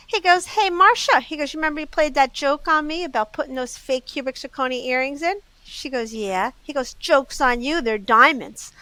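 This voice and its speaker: Bright-voiced woman telling store stories. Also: sits high, no room sound, low-quality recording. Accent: Southern US. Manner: lively anecdotes, acts out customers' quotes. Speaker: jewelry store owner, guest. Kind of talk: casual storytelling.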